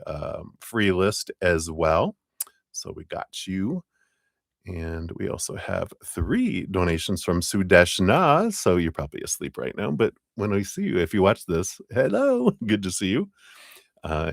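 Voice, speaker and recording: Chatty low-voiced man on a live stream. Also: no echo, clean studio sound. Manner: chatty and upbeat, laughing often between thanks. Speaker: tarot reader hosting a live stream. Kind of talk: casual live-stream shout-outs to viewers.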